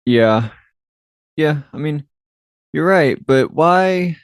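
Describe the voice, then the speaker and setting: A man's voice: fairly high pitch, expressive, extremely slow, clean tone, no room sound, studio quality. A man co-hosting a podcast, recapping a TV episode in casual chat, hesitant and trailing off, with many fillers. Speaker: podcast co-host.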